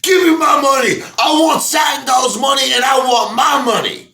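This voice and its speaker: A man doing an impression of a brash male comedian, shouting streetwise threats. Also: high-pitched, sing-song, moderate pace, echoey room, recorded from a distance, pitched above the performer's own voice, exaggerated voice. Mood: defiant.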